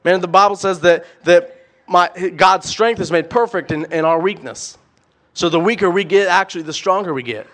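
A young man preaching a sermon, animated and emphatic, firing off rhetorical questions and repeating words. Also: high voice, normal speed.

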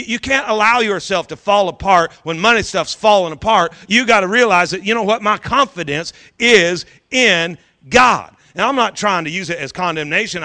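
A man's voice: sits high, sharp tone. A man preaching a sermon as pastor to a congregation, fervent and urging, repeating phrases for emphasis.

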